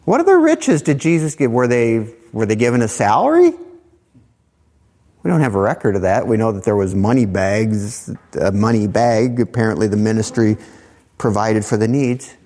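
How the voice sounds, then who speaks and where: A man preaching a sermon as pastor, animated, climbing to emphatic highs on key points and acting out quoted voices. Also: normal speed, big-room sound. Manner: acts out quoted voices in his teaching.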